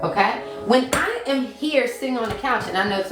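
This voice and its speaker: A woman who is a mindset coach gives a casual livestream talk in a medium-pitched, animated voice at normal speed, barely pausing. She repeats key phrases and stops to answer viewer comments, and the roomy recording has background music.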